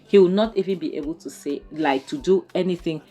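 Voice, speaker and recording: A woman with a lowish, dark-toned voice recaps a film episode as a casual reviewer, faint music playing behind her. Exasperated, she talks rapidly and fills the gaps with "um" and plenty of "you know."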